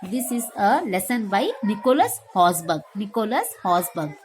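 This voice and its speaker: Lively woman teacher reading a lesson. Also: mid-range voice, normal speed, a little hiss or hum. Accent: Indian English. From India. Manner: lively, explains each line with sound words. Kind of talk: reading and explaining a children's lesson.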